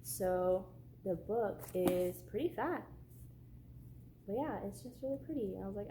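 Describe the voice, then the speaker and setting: A woman's voice: mid-range voice, lively intonation, measured pace, pauses often, background noise. A woman chatting casually in a book haul vlog, bubbly and gushing, with lots of "like" fillers. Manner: bubbly, gushing, says "like" often. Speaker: book vlogger.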